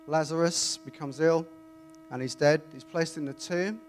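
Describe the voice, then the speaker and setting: A man reading scripture aloud and then preaching in a chatty, animated way to a congregation. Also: a little high, normal speed. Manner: conversational, animated, self-interrupting. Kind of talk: Bible reading and informal sermon. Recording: faint mains hum.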